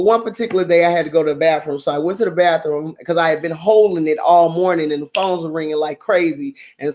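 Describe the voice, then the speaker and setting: A woman host casually telling a story in a blunt, profane, animated way, with frequent laughter. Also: deep voice. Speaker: drama channel host.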